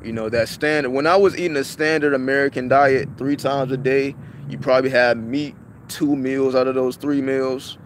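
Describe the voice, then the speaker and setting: There's slight background noise as a man vlogs casually to his audience in a steady, mid-range voice at a moderate pace. His talk is heavy with profanity, repetitive, and full of restarts.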